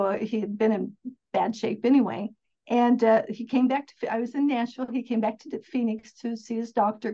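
A woman's voice: a little high, warm tone. An enthusiastic woman telling stories as a podcast guest, upbeat and rambling with restarts. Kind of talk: casual interview storytelling. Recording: dull lo-fi sound.

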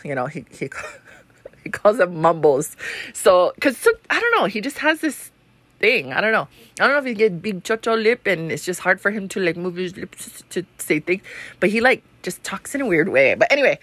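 With a lowish, fairly bright voice and no echo, a thirtysomething podcast host with a Hawaiian Pidgin-tinged accent spins a meandering, foul-mouthed story. She laughs frequently throughout this casual monologue.

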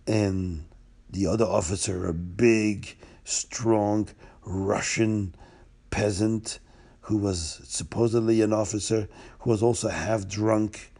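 A man retelling a religious story in a lively way, with asides to the listener, and a gravelly, husky voice. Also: lowish voice, slow pace.

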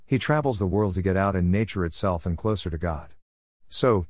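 A middle-aged man with a very low, deep voice reads a letter aloud. His delivery is blunt and preachy, with an irreverent edge. The sound is dry and close, with no room around it. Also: darkish tone, dry recording. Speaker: podcast host.

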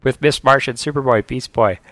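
A man's voice: medium pitch, brisk, a bit bright, dry recording. A man co-hosting a podcast, chatting casually and enthusiastically about cartoons. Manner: chatty, enthusiastic fan banter. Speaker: podcast co-host. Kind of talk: casual chat.

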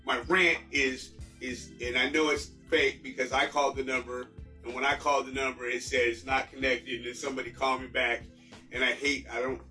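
A man in his forties telling a frustrated story in casual chat and acting out both sides of the conversation. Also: medium pitch. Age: 40s. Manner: animated ranting storyteller acting out dialogue. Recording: roomy, distant mic, faint music.

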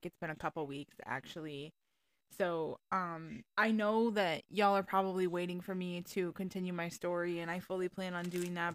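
A woman's voice: fairly low pitch, smooth, no echo. A young woman, ranting candidly and profanely about her life in a casual vlog, rambling with frequent ums. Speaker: vlogger. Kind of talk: casual personal rant.

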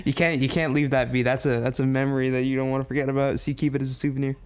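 A man's voice: medium pitch, level tone, rapid-fire, smooth. A young man co-hosting a podcast, rambling through a story in casual, profane chat. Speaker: podcast co-host.

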